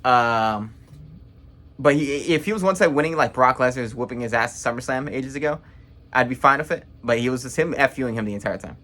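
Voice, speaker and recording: Casting note: young man, bright forceful tone, blunt rambling reaction vlogger. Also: mid-range voice. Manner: blunt, rambling, quick to judge. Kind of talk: casual opinionated recap.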